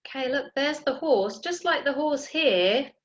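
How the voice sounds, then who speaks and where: Woman teacher, fairly high voice, unhurried and clear, sounding out letters for small children; dull lo-fi recording. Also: lively intonation. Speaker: primary school teacher. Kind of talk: early years phonics lesson.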